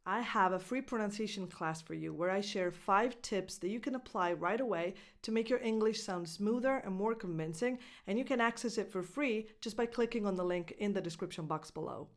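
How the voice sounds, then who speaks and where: A woman whose first language is Italian, teaching English pronunciation as a coach and clearly modeling each word. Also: mid-range voice, brisk, hardly any pauses. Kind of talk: pronunciation lesson.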